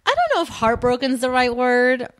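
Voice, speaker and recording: A woman's voice: big pitch swings, moderate pace. A young woman co-hosting a casual podcast, chatting and recapping a TV episode, filling her talk with "like" and acting out the characters' lines. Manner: chatty, lots of "like", acts out characters' lines in a higher voice. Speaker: podcast co-host.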